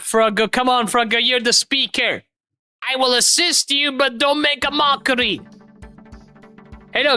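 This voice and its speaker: High-voiced playful woman streaming over music. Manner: loud, playful, laughing, swears freely. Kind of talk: live game stream commentary.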